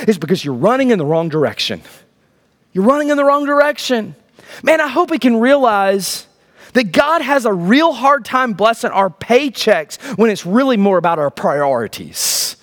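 A man in his thirties preaching a sermon as pastor, firing rhetorical questions and dropping to low, emphatic lines. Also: big pitch swings, moderate pace, fairly bright tone.

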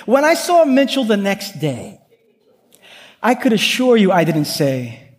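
A man's voice: high-pitched, wildly swooping pitch, unhurried. A male pastor preaching a sermon, earnest and building with repetition, weaving in personal stories. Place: church sanctuary. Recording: long hall reverb.

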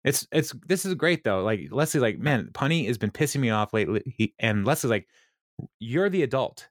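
A man's voice: medium pitch, animated, fairly quick, no room sound, studio quality. A man co-hosting a podcast, retelling a show's scenes in a rambling way, quoting characters, with many fillers. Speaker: podcast co-host. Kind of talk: casual episode recap.

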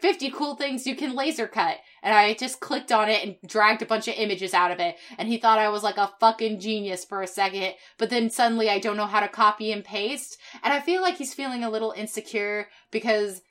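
A young woman with a bright, clear voice tells stories on a podcast in casual, heated chat. She swears freely and leans on fillers as she rants. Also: medium pitch. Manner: heated, profane storytelling with frequent fillers. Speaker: podcast co-host.

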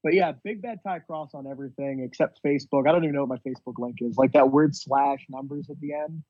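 A man's voice: medium pitch, fast, dry recording, muffled recording. A man guesting on a podcast, easygoing and casual, often tacking "man" onto his lines. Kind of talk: casual chat.

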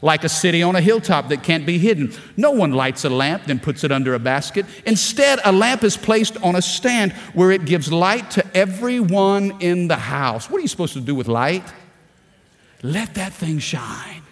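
A man preaching a sermon as pastor, animated, calling on the congregation to answer and rising to shouts. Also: high-pitched, normal speed. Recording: large hall with long reverb.

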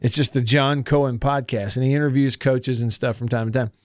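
A man's voice: mid-range voice, fairly even intonation, brisk, no room sound. A man hosting a casual sports talk radio show, with a Southern accent, folksy and chatty as he reads listener texts. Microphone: studio mic. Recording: dry studio sound.

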